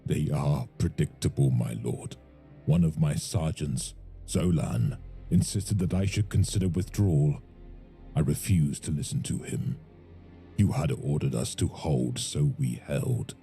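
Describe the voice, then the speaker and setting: A man voicing an ancient, weary male space marine warsmith in a solemn, measured way. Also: very deep voice, dark tone, faint music behind, pitched below the performer's own voice. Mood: grave.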